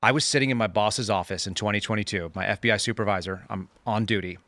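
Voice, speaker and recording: A man's voice: fairly low pitch, quick pace, dry recording. A man, a former federal agent, telling a story as a guest on a casual panel show and acting out the dialogue. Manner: animated anecdote teller, acts out dialogue.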